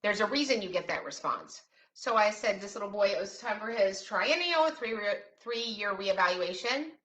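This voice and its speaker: Bright-voiced woman, sarcastic and animated. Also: medium pitch, normal speed. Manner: sarcastic, animated, teasing asides. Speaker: special education advocate and host. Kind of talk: casual talk to camera.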